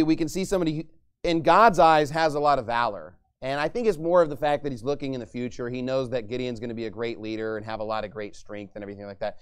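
A man's voice: on the high side, clean tone. A man preaching a sermon, teaching a Bible passage in a conversational way and acting out the quoted lines with a raised voice.

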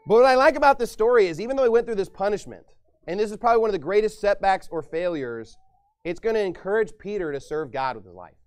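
A male pastor preaching a sermon and reading scripture aloud, emphatic, swinging from hushed asides to loud declarations. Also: sits high.

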